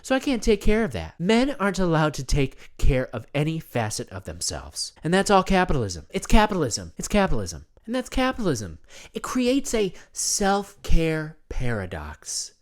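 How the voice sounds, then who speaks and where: A man's voice: a little high, wildly swooping pitch, normal speed. A man playing a rambling, self-absorbed self-care guru who talks about himself in the third person, in a comedy monologue. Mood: preachy. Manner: earnest, rambling, repeats himself.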